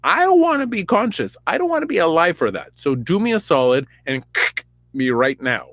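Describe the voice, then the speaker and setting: A man's voice: on the high side, big pitch swings, moderate pace, a bit bright, no room sound, voice pushed up. A man playing a foul-mouthed dying king. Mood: pleading. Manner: profane slacker slang, whiny. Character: wounded dying king, crude surfer-dude.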